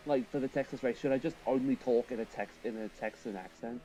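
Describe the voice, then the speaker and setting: A man's voice: medium pitch, fast, mellow, a little hiss or hum, poor audio. A man streaming a racing game, chatting casually and thinking aloud while he drives and answers his viewers.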